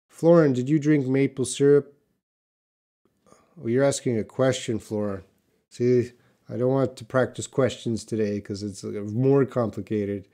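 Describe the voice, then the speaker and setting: A man teaching English on a live stream, reading out viewers' questions from the chat and answering them in a relaxed way, thinking aloud with many fillers. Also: medium pitch, measured pace.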